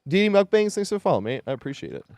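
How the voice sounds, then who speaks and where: A man's voice: high voice, very animated, very fast, darkish tone, dry recording. A man streaming a game live, chatting casually with viewers, swearing freely and laughing often as he reacts to play.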